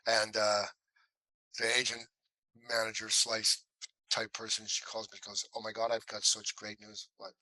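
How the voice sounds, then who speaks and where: A man's voice: fairly low pitch, a little slow, no room sound, low-quality recording. A man telling stories from his acting career in an interview, acting out the voices of the people in them. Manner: animated storyteller, acts out quotes. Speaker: actor guest. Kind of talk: storytelling interview.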